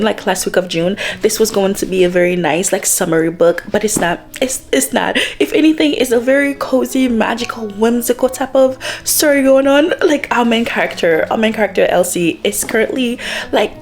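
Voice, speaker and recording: A young woman talks at home in a casual vlog, her voice sitting at an ordinary middle pitch. She rambles between thoughts, full of "like" fillers, and gushes with excitement. Soft music plays faintly underneath. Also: moderate pace. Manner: gushing and excitable. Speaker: book vlogger. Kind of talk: casual chat to camera.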